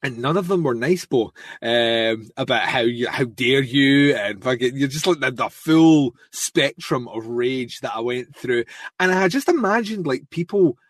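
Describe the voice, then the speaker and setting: A Scottish man on a podcast spins a rambling story, swearing freely and slipping into mocking impressions of friends. His voice sits at a middle pitch and sounds close and dry. It comes across as casual chat between regular co-hosts. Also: normal speed, dry recording. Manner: animated storyteller, swears freely, mimics others. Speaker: podcast co-host.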